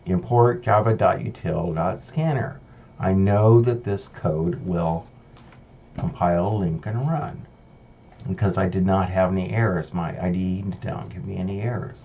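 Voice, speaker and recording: Slow, deep-voiced man teaching code. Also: creaky, mellow. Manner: explains step by step, thinks aloud with fillers and restarts. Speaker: programming teacher. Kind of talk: screen-recorded coding lesson. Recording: slightly dull lo-fi audio with faint hiss.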